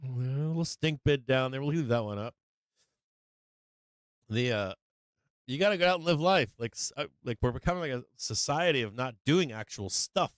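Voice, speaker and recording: A man's voice: mid-range voice, animated, moderate pace, no room sound, studio quality. Swearing middle-aged man ranting on stream. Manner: profane ranting, lots of swearing and laughter. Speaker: livestream stock trading host. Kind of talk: casual livestream chat.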